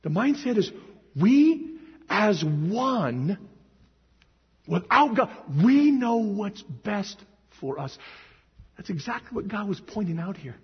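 Man, pastor, high husky voice, emphatic and emotional; echoey hall, dull recording. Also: big pitch swings, slow pace. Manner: emotional, emphatic, swings to shouting. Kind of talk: sermon.

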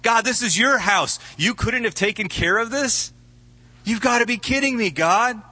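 Man playing a fed-up prophet, indignant, bright forceful pitch pushed high. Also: moderate pace, husky, big-room sound, exaggerated voice. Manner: indignant, raised and pleading. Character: exasperated prophet, man complaining to God.

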